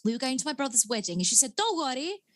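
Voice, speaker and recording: Woman comedian telling stories, bit high, dry close mic. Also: rapid-fire, no echo. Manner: chatty, animated storyteller. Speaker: comedian guest. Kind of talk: casual podcast conversation. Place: home.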